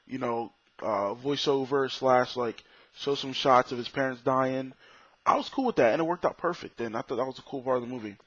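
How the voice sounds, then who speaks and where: A man's voice: mid-range voice, husky, no echo. A man giving a casual, blunt and profane spoken movie review, full of restarts and strong opinions. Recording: dull, slightly lo-fi dry recording.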